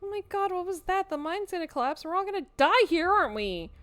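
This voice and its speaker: A woman voicing a jittery, easily spooked young woman who talks in shrill, panicky bursts in a game. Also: fairly quick, no room sound, lightly acted.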